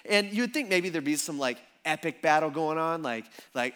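A man preaching a sermon as pastor, telling the story in a casual, animated way with slang. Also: a little high, normal speed, hardly any pauses, clean tone.

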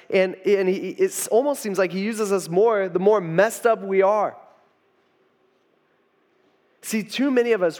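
A young male pastor with a high-pitched voice preaches in an easygoing, chatty style. He tells the story loosely, trailing off and restarting his phrases as he goes. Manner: casual storytelling with fillers and restarts. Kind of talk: conversational sermon.

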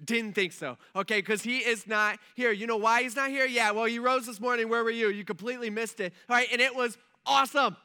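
A preacher putting on a giddy male angel, teasing, high and loud, bright edge. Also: fairly even intonation, clean tone. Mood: excited. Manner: pumped, teasing, rapid-fire. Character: excited male angel at an empty tomb.

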